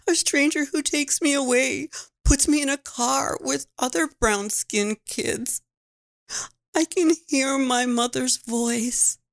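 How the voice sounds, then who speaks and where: A woman on a radio show reading a first-person poem in a slow, measured way, pausing between short phrases. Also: sits high, vocal fry, dry recording, studio quality.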